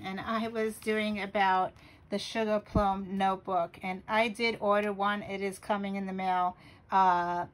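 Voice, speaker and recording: A middle-aged woman slowly reads her own poems aloud for a home video. Her voice sits in a middle pitch and she takes her time, tripping over a word here and there. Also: fairly bright tone, low-quality recording. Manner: slow, careful reading with small stumbles. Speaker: journaling vlogger.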